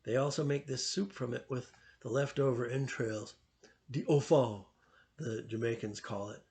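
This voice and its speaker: An earnest, thoughtful teenage boy talks things through in a plain, conversational way, as a man reads his part. The voice has a gravelly grain. It is a storybook read aloud. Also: medium pitch, normal speed, darkish tone, lightly acted.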